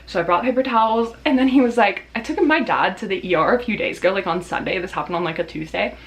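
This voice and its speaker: A woman's voice: mid-range voice, quick pace. A woman vlogger telling a storytime in a casual, dramatic way, swearing freely and laughing as she tells it. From Australia.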